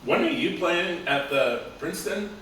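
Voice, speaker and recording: A man's voice: high voice, expressive, moderate pace, fairly bright tone. A man hosting a casual chat, enthusiastic and encouraging toward his guest. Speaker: show host. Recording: echoey room, distant mic, background noise.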